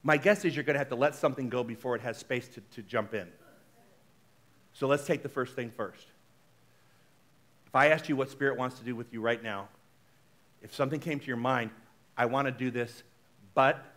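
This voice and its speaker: A male minister giving a conversational sermon, animated and chatty, often checking in with the congregation. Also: mid-range voice. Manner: chatty, frequently asks the congregation "right?"; animated, shifts between loud exclamations and soft asides.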